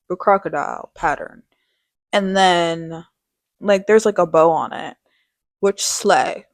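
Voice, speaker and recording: Slow-talking gushing young woman vlogger. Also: on the low side, no room sound, studio quality. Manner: gushing, dramatic, slangy. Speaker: fashion vlogger. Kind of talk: casual product showcase.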